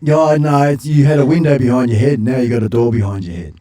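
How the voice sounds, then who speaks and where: A man's voice: medium pitch, fairly even intonation, fast, warm tone, echoey room. An older Australian man hosting a casual live stream from his home studio, joking and calling guests mate. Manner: jovial, matey banter with frequent laughs. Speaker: livestream host.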